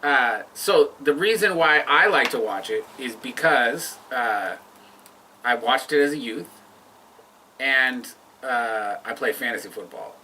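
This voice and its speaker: A man's voice: medium pitch, expressive, takes it slowly, bright, forceful tone, distant mic, a little hiss or hum, low-quality recording. A man co-hosting a casual chat over drinks, patiently explaining sports. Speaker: podcast co-host.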